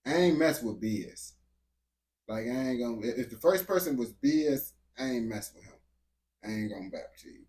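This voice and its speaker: A man's voice: medium pitch, animated, moderate pace, darkish tone. A man giving casual, slangy reaction commentary, dropping "bro" and "gang" constantly and restarting his sentences. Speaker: reaction video host.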